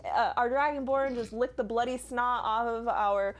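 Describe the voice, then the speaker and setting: A woman's voice: on the high side, steady tone, moderate pace, a little hiss or hum. A woman running a tabletop game as game master, narrating in a chatty, filler-heavy way.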